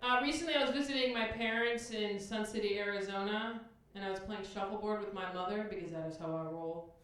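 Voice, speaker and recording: A woman doing a stand-up set on a comedy club stage, with a dry, deadpan delivery. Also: mid-range voice, fairly quick. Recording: distant echoey club recording with hiss.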